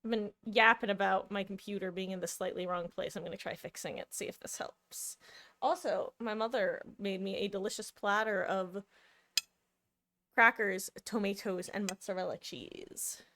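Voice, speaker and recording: A woman's voice: mid-range voice, a bit bright, slight background noise. Chatty woman streamer in her thirties. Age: 30s. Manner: chatty and rambling, many ums and likes. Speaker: game streamer. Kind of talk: casual live-stream chat while gaming.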